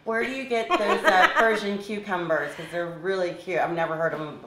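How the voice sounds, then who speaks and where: A woman's voice: lowish voice, brisk. Laughing woman off-camera in an echoey room. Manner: laughing, casual. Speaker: off-camera helper asking a question. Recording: echoey room with clear background noise.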